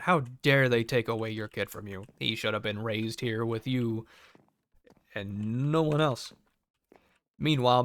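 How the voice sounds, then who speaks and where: A man's voice: mid-range voice, smooth, no room sound. Sarcastic, cursing young man telling a story. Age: young adult. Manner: profane, sarcastic, acts out quoted voices. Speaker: cable technician storyteller. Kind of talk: casual storytelling vlog.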